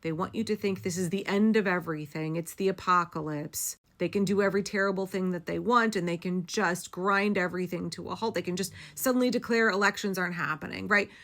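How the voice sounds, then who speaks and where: A woman's voice: lowish voice, fairly quick, hardly any pauses, a bit bright. A woman giving impassioned, blunt political commentary straight to her audience, swearing for emphasis. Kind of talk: direct-to-camera political commentary.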